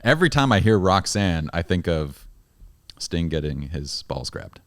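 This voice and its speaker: A man's voice: low voice, very animated, unhurried, dry recording, studio quality. A man hosting a podcast interview, chatting casually with joking, teasing banter. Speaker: podcast host.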